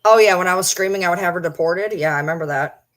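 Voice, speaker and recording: A woman's voice: on the low side, fast. Blunt, profane middle-aged woman streamer. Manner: blunt, profane, animated retelling. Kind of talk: casual livestream storytelling.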